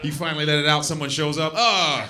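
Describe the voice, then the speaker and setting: A man's voice: on the high side, completely flat delivery, racing, over a noisy crowd, heavy background noise. A man doing a crude stand-up set in a comedy club, laughing at his own jokes and acting out voices. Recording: club with loud audience laughter.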